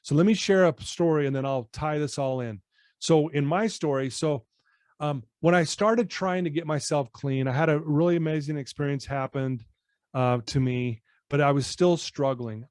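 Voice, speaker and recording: A man in his fifties, a personal-development coach, telling a personal story to a podcast host in an earnest, animated way. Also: medium pitch, no room sound, clean studio sound.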